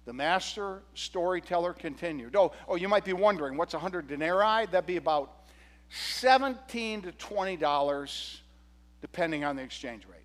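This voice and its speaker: A male pastor preaching a sermon, retelling a parable with animated, humorous storytelling. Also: sits high, moderate pace, in a large hall.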